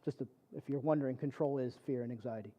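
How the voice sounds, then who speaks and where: A man's voice: mid-range voice, quick pace, warm tone. A man preaching a personal testimony sermon, telling his story conversationally with lots of fillers. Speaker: church speaker.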